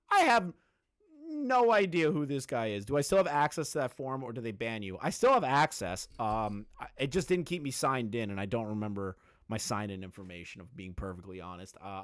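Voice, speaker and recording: Crude, mocking male streamer with lively pitch. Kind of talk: live-stream commentary.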